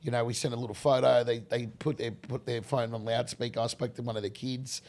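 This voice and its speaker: A middle-aged Australian man, a guest in a casual interview, telling rambling animated stories with many restarts. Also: mid-range voice, a little fast.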